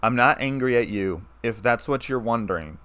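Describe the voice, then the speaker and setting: A man reading a story aloud, playing a scarred, weary ex-soldier who speaks in a low, flat, calm way. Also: normal speed, clear, resonant tone.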